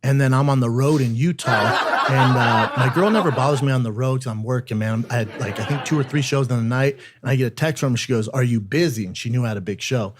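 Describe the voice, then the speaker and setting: A man's voice: medium pitch, quick pace, hardly any pauses, a little hiss or hum. A man on a podcast, telling a personal story in an emotional, profane way. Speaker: podcast guest. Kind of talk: casual chat.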